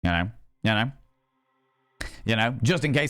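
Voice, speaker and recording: A man's voice: mid-range voice, lively intonation, a little slow, a bit bright, no room sound, studio quality, faint music behind. A man with a Yorkshire accent chatting casually and swearing often on a live stream, laughing easily.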